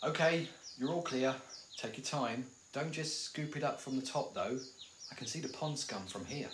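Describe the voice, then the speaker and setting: A man's voice: fairly low pitch, animated, moderate pace, background noise, close to an everyday voice. A man in his forties acting a weary, sardonic survivor of a zombie apocalypse in an audio drama, talking in dry, rambling asides. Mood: hushed. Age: 40s.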